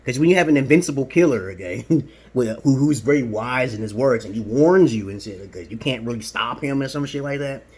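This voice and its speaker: Brooklyn-raised man, rough-edged voice, boastful and provocative, keeps asking "okay?" in a loose vlog monologue. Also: medium pitch, fairly quick, darkish tone. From Brooklyn, New York. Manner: peppers talk with "okay?". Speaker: vlogger. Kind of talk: rambling casual monologue.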